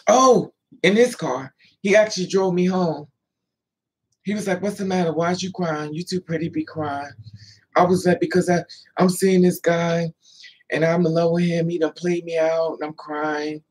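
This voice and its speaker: Husky woman chatting casually. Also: fairly low pitch, fairly even intonation, normal speed, darkish tone, low-quality recording. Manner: loose, chatty, laughing, answers viewers by name. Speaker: livestream host. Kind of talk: casual storytelling chat.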